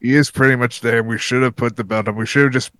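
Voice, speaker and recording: A man's voice: medium pitch, steady tone, quick pace, a bit bright, dry recording. A man co-hosting a casual podcast, speaking bluntly and swearing often. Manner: blunt, profane. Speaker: podcast co-host.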